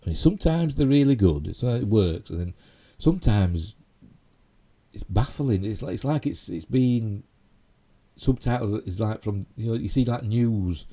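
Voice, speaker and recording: Man, Yorkshire accent, middle-aged, low-pitched, very dark tone, rambling live-stream host. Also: expressive, normal speed. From Yorkshire, England. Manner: rambling, chatty, self-mocking asides. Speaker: YouTube host. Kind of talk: casual live-stream chat.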